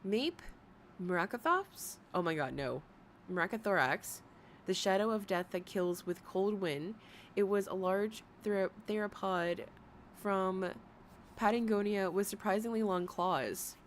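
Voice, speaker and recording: A weary woman streamer chatting her way through commentary, wandering off on tangents and cutting herself off with little laughs. Her voice sits at an ordinary middle pitch, and a faint hum of noise stays under it. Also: unhurried. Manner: rambling, self-interrupting, giggly. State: tired from long talking.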